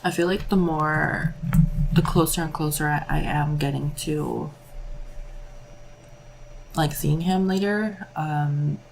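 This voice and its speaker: A woman's voice: low voice, fairly even intonation, slow pace, long pauses, a little hiss or hum, low-quality recording. A young woman chatting candidly through a makeup vlog, rambling and peppering her talk with "like". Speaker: beauty vlogger. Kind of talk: casual makeup vlog chat.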